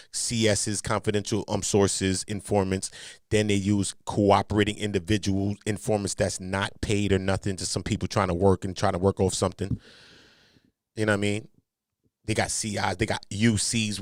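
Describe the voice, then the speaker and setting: A man with a Los Angeles accent giving casual, animated commentary, joking in heavy street slang and turning low and serious when explaining. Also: no echo, studio quality.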